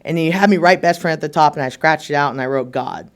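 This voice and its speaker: Chatty young man telling his story, lightly raised pitch. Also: quick pace. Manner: casual and chatty, many fillers like "like" and "right?"; acts out remembered conversations with shifts in tone. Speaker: speaker at a recovery meeting. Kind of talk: personal testimony told to a live audience.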